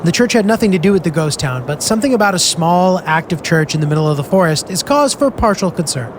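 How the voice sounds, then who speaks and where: High-voiced young American man narrating a travel vlog. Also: expressive, fast talker, noisy background. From United States. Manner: casual, self-deprecating, filler-heavy.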